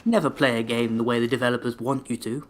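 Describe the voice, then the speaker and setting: A man's voice: medium pitch, fairly even intonation, quick pace. A man giving sarcastic, sweary running commentary while he plays a video game. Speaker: let's play host. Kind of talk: gameplay commentary.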